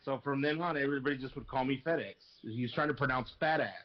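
A man's voice: mid-range voice, quick pace, lo-fi sound. A young man from a Mexican family telling funny family stories on a podcast, swearing and laughing. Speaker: podcast co-host. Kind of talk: casual chat, storytelling.

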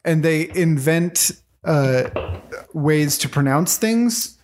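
A man's voice: on the high side, expressive, takes it slowly, darkish tone, a little hiss or hum. A man co-hosting a podcast, telling rambling stories and laughing often in casual chat. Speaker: podcast co-host.

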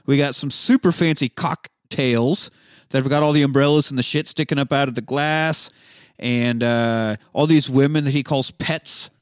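A podcast co-host recaps a film casually, retelling scenes in a rambling, laid-back way, acting out lines and swearing freely. His medium-pitched voice is steady, clear and resonant at a moderate pace, captured in a dry, clean studio recording.

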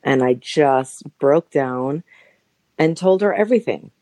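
An emotional personal story comes from a woman in her forties, interviewed as a podcast guest in Los Angeles, who chats with lots of fillers and sometimes voices the people she quotes. Her voice sits low and sounds mellow and animated at a measured pace, with no echo.

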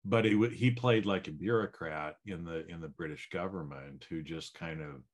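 A man's voice: deep voice, normal speed. A man co-hosting a podcast, musing in a reflective, rambling way with many fillers. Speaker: podcast co-host. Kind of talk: casual chat.

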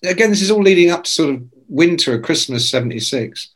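A man in his sixties spins loose, profane stories as an interview guest. His fairly high voice swoops up and down as he slips into the voices of the people he quotes. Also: fast talker. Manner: animated, sweary, acts out quoted voices. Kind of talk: casual storytelling.

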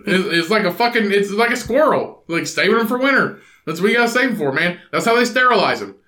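A high-pitched man with a bright, tense voice rambles through crude podcast banter, swearing freely and slipping into put-on voices for his bits. He sounds like he's in an echoey room. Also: lively intonation, fast talker. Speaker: podcast co-host. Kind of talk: crude casual chat.

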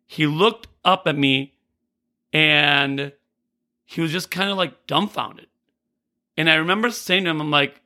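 A man's voice: a little high, a little slow, bright, forceful tone. A male teacher telling a personal story about owning up to a mistake, earnest and repeating phrases for emphasis, stumbling over restarts now and then. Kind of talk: personal story, motivational talk.

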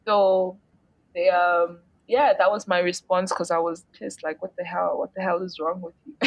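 With a fairly low voice and no room sound in the recording, this woman, a singer and songwriter from the Eastern Cape of South Africa, chats openly during a relaxed interview. She keeps cracking blunt jokes and laughing at them herself.

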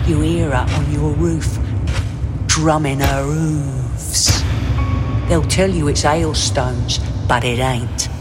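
A woman actor delivering a scripted first-person dramatic monologue in an intimate, brooding way. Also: sits low.

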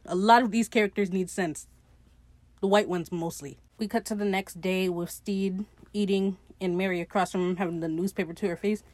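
A woman's voice: mid-range voice, steady tone, moderate pace, dry recording. A young woman casually recapping a TV episode on her podcast, chatty and sarcastic, swearing freely and laughing at her own jokes.

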